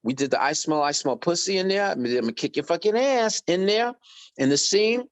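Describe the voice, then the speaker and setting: A middle-aged man, a guest on an interview podcast telling animated stories and acting out quoted voices. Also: sits high, moderate pace. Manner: lively anecdotes, acts out quoted voices. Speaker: guest musician.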